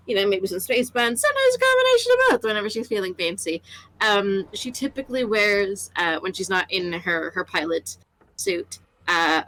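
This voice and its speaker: A woman's voice: mid-range voice, a bit bright. A woman player in a tabletop role-play game, describing her character with many fillers and restarts.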